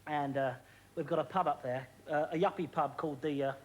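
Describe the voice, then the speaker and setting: A man's voice: a little high, fairly even intonation, a little hiss or hum. A man, a comedian guest on a chat show, rattling off gags and laughing at his own jokes. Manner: quick joking patter, laughing at own gags. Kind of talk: stand-up style chat show banter. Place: TV studio with live audience. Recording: old TV tape, loud studio audience.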